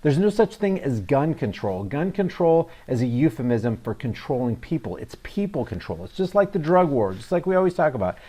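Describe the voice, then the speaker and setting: A man's voice: medium pitch, very animated, brisk, few pauses, warm tone. Man giving scornful, emphatic commentary. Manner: mocking, emphatic, with scornful asides. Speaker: reaction video host. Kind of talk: sarcastic political commentary.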